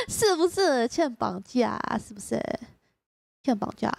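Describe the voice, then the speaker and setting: A woman from Taiwan, a native Mandarin speaker, hosting a casual live stream. She giggles often and speaks English slowly and carefully. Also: high-pitched, huge pitch swings, creaky, dry recording. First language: Mandarin Chinese. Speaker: streamer host.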